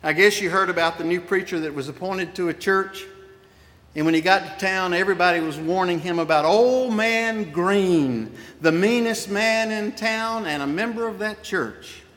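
A man's voice: high-pitched, normal speed, fairly bright tone. A middle-aged male pastor preaching a sermon in a folksy storytelling way, with asides to his congregation. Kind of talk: sermon with personal stories. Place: church sanctuary. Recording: long reverb of a large church.

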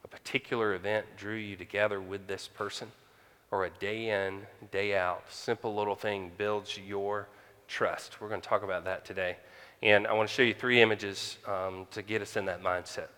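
A man preaching a conversational sermon as pastor, pausing often with fillers. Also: fairly low pitch, fairly even intonation, sharp tone, smooth. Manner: conversational with frequent pauses and fillers. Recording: hall reverb.

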